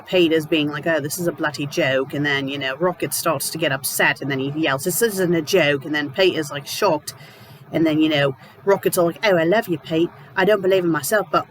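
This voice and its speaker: A young man with a fairly high voice gives a loose, rambling recap of a story he is reviewing. He sounds casual and sardonic, and a faint hum of noise sits behind him. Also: fairly bright tone, poor audio. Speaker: fan fiction reviewer.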